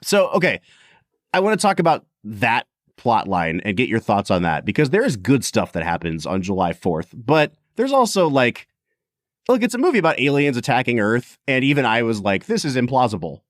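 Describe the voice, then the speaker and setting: Speaking in a mid-range voice at a moderate pace, this man co-hosts a podcast and keeps things lively, cracking jokes and laughing a lot. The recording is dry and studio-clean.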